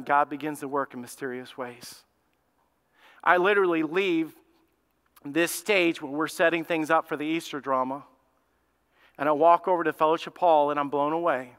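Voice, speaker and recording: A man preaching a sermon as pastor, telling a story in a lively, conversational way. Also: on the high side, smooth. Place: church sanctuary. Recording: long hall reverb.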